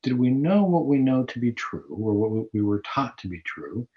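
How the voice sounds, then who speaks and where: A man's voice: medium pitch, sing-song, moderate pace. A man hosting a Catholic radio talk show, speaking earnestly in a preaching manner, with fillers and restarts. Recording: dull lo-fi radio audio.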